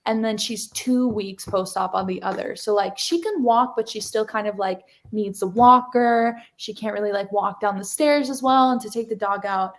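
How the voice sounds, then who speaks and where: A young woman guest on a video call, telling a story in a lively, giggly way full of fillers. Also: mid-range voice, normal speed, hardly any pauses. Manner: animated, giggly, lots of "like". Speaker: interview guest, singer. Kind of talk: casual interview storytelling.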